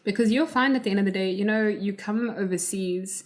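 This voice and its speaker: A woman hosting a podcast interview, reflective and calm, asking open questions and giving soft affirmations. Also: mid-range voice, fairly quick. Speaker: podcast host. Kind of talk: interview conversation.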